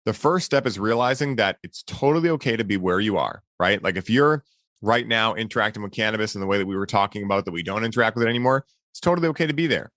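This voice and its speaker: A man's voice: lowish voice, expressive, fast, a bit bright, no echo, studio quality. A man hosting a podcast who talks in an earnest, encouraging way, often adding "right?" and "man". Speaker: podcast host. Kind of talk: casual reflective conversation.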